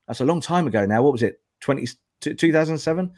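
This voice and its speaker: This football podcast guest pundit has a fairly high, lively voice and talks quickly, barely pausing. He makes his case emphatically in a lecturing manner, circling back often to reinforce points. His voice comes across dry and close, with no echo.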